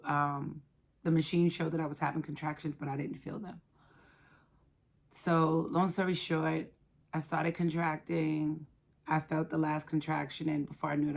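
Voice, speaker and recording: A woman in her thirties telling a personal story of loss, soft-spoken and halting, with many pauses. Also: low-pitched, vocal fry, slight background noise. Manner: emotional, quietly reliving a loss. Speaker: guest sharing her story.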